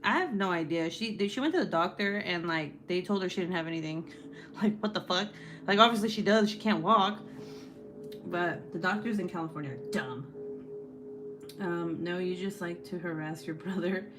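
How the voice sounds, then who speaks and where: A young woman hosting a casual livestream, reading chat and teasing her sister with loud, swearing jokes and frequent laughs. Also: on the low side, normal speed, soft background music. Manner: loud, joking, swears a lot, laughs often.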